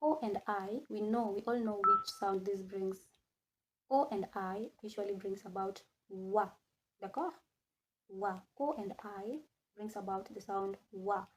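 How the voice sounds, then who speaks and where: A woman teaching French in a classroom, slowly repeating each word again and again and switching between English and French. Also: mid-range voice, fairly even intonation, noisy background. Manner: slow, repeats words many times, mixes English and French. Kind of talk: classroom lesson.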